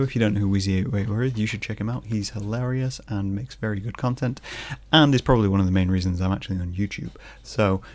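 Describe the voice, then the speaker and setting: A man in his thirties talking in a casual, rambling vlog monologue, self-deprecating and jokey, sometimes dropping to a soft near-whisper. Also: fairly low pitch. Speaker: vlogger.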